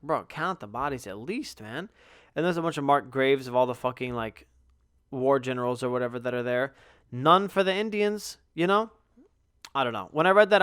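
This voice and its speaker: A man's voice: medium pitch, a bit bright, clean tone, no echo, clean studio sound. Profane, rambling young man telling a story. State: yawning, tired. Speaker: podcast host. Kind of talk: casual solo podcast storytelling.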